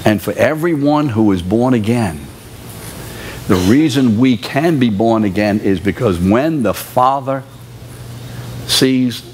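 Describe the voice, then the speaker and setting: A man's voice: medium pitch, expressive, takes it slowly, a little mellow, a little hiss or hum. A man in his seventies preaching a sermon in a church, driving his point home by repeating key words and throwing questions at the congregation. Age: 70s.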